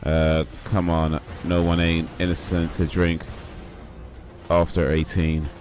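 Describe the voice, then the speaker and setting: A man's voice: sits low, completely flat delivery, takes it slowly, a little mellow, soft background music. A young man chatting casually while streaming a game, in a rambling, laid-back, slangy way. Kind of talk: casual live-stream chat while gaming.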